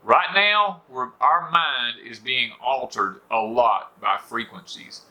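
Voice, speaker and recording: A man's voice: mid-range voice, takes it slowly, pushed and bright. A middle-aged man with a Southern US accent, hosting a rambling, folksy porch talk for viewers and leaning on "you know" fillers. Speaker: homestead channel host. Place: on a porch at home.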